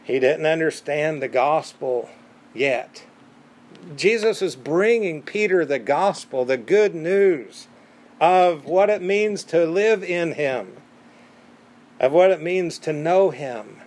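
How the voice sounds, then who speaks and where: Emphatic male preacher, higher voice. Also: animated, slow pace, a little mellow. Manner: emphatic, conversational, repeats words for stress. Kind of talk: sermon.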